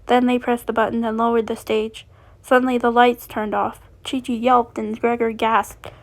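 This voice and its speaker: A woman reading a fan fiction story aloud, steady, with frequent slips and restarts. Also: on the high side, normal speed.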